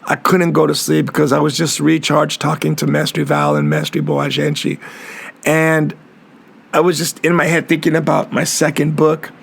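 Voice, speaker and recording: A man's voice: fairly high pitch, completely flat delivery, normal speed, gravelly, fairly bright tone, breathy edge. A middle-aged man hosting his own podcast as a capoeira master, talking earnestly and reflectively, often repeating and restarting his words. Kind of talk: reflective solo podcast monologue.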